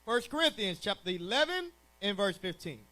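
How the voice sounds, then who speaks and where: A man reading scripture aloud in a formal, measured way. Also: high-pitched, sing-song, bright, forceful tone. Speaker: scripture reader.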